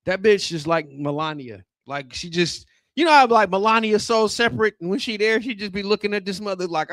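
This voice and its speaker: A man in his thirties doing a loose, profane and rambling stand-up comedy set on a club stage, talking into a handheld mic, with sudden loud outbursts. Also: high voice, a little fast, few pauses, no room sound. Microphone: handheld microphone.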